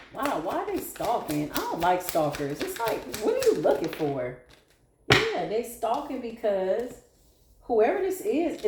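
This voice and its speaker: A woman giving a casual tarot reading to viewers, animated, blunt and sassy, swearing freely. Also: mid-range voice, very noisy. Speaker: tarot reader. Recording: echoey room.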